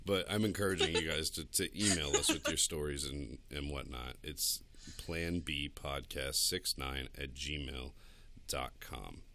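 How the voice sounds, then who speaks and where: This studio podcast co-host has a rumbling low voice with a sharp edge, and the recording has a slight hiss or hum. He swears, brags, and laughs often throughout the crude, casual conversation.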